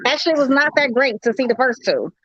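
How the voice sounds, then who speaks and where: Lively high-voiced woman joking around. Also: brisk, no echo, highs cut off. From Chicago. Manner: joking, laughing, self-mocking. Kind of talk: casual chat.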